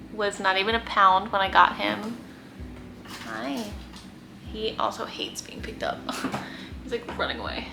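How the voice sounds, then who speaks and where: In her guest room, a young kitten-fostering vlogger chats casually to camera, coos in baby talk and says "like" constantly. Her voice is medium-pitched and creaky, and there's background noise in the recording.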